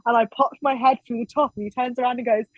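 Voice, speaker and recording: Talking fast in a voice on the high side, a woman shares stories as a podcast guest, animatedly acting out what others said in casual conversation. There is no room sound, and the recording is dry and somewhat dull.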